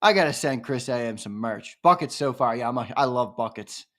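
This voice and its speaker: A man hosting a casual live-stream sports fan show, chatting with viewers and breaking into loud, excited hollers. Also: mid-range voice, fairly quick.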